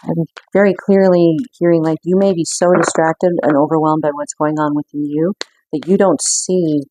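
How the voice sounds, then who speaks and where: A woman giving an intuitive card reading in an earnest, reflective way, with frequent pauses. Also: sits low, steady tone, mellow. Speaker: spiritual card reader.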